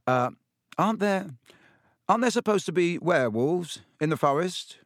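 A man's voice: on the high side, very animated, a little slow, no echo, clean studio sound, voice pushed up. A man voicing a nervous, blunt teenage boy with a hesitant, jumpy way of talking in a storybook reading. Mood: nervous, protesting.

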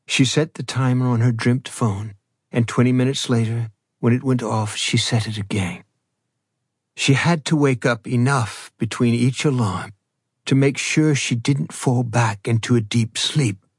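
A male audiobook narrator with a husky, slightly breathy voice at a medium pitch. He tells the story in a measured, even way. The recording is close and dry. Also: no room sound. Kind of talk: scripted narration.

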